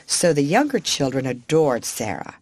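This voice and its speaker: A woman narrating a classic children's storybook in an expressive, animated reading. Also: very deep voice, moderate pace, dry recording. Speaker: audiobook narrator.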